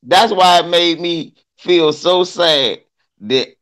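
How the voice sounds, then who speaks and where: A man hosting a casual podcast, telling profane, animated stories with quick jokes. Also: on the high side. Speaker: podcast host. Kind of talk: casual chat.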